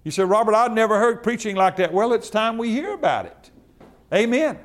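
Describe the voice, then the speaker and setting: Guy preaching in church, kinda high voice, goes from calm teaching to really fired up. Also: a little fast. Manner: builds from calm teaching to loud fervent preaching; folksy, repeats phrases for emphasis. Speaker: pastor. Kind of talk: sermon.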